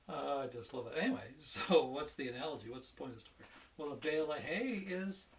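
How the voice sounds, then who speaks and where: A man's voice: a little high, creaky, far from the mic, slight background noise. A man who is an economics professor, giving an informal, folksy online lecture with many fillers and restarts. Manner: chatty and folksy, tells jokes with acted quotes.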